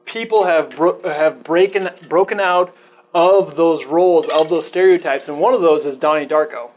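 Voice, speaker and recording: A man's voice: fairly high pitch, moderate pace, a little mellow, slight background noise. A man co-hosting a casual podcast chat, earnest and stammering, repeating words as he makes his point. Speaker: podcast co-host.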